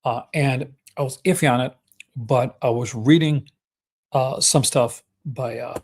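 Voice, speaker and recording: A man's voice: medium pitch, measured pace, breathy edge. A young Canadian man with a Canadian accent, hosting a casual livestream and chatting about his collection with lots of fillers and restarts. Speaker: livestream host.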